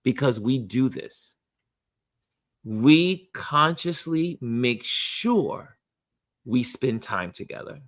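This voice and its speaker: A man hosting a casual motivational chat, talking about friendship in an animated way and acting out what people say. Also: mid-range voice, extremely slow, dry recording, studio quality. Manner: animated, acts out quoted voices. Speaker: host.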